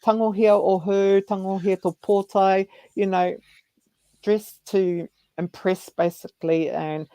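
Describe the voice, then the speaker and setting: Animated New Zealand man, dry sound. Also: high-pitched, measured pace, dry recording, poor audio. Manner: animated storyteller who acts out elders' voices. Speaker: host. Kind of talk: casual chat.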